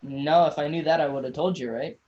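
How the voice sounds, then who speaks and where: A man's voice: a little high, steady tone, brisk, a little mellow, highs cut off, lightly acted. A man voicing a weary, brusque woman official in a tabletop game, dry and curt. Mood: businesslike.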